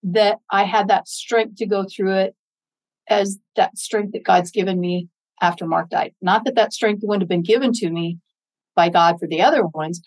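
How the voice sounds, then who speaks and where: A woman's voice: mid-range voice, moderate pace, dry recording, low-quality recording. Earnest woman telling a faith story. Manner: earnest, faith-filled, animated when quoting others. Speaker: podcast guest, Gold Star mother. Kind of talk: interview storytelling.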